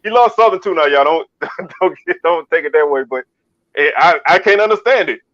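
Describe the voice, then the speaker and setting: This Baton Rouge, Louisiana co-host has a highish, fairly bright voice with lively intonation and a moderate pace as he chats casually about sports. Restarts and repeated words come up often. The sound is dull, lo-fi, and dry.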